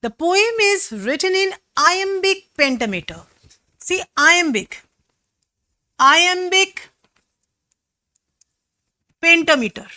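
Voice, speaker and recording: A woman's voice: very high voice, big pitch swings, unhurried, bright, forceful tone, no echo, studio quality. A woman English teacher with a Bengali accent, patiently explaining a poem's meter in a classroom lesson, breaking words into syllables.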